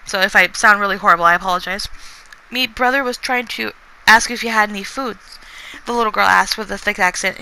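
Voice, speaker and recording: A woman casually reads a chapter of her own book aloud, frequently stumbling, restarting words, correcting herself and pausing to comment on her writing. Her mid-range voice is pushed and bright, on a rough recording with a little hiss or hum.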